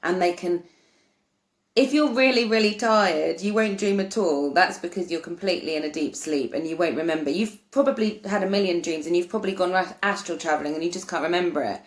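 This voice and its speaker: A woman with a fairly low, fairly quick voice earnestly explains spiritual ideas to the camera as a spiritual vlogger. Her delivery is casual and meandering, and she often restarts her sentences. The recording has a roomy echo.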